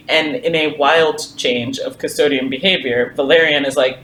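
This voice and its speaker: A man co-hosting a podcast, casually retelling a story with quick quoted asides and laughter. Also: fairly high pitch, fairly even intonation, bright, forceful tone, slight background noise. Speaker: podcast co-host. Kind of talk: casual book discussion. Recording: roomy echo.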